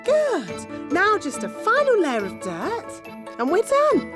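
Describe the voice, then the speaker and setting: Nanny Plum, a brisk fairy nanny. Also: female voice, extremely high pitch, huge pitch swings, music in the background, heavily acted. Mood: matter-of-fact. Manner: matter-of-fact, chanting spells. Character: bossy cheerful grown-up fairy nanny, magic-maker. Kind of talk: children's cartoon voice acting.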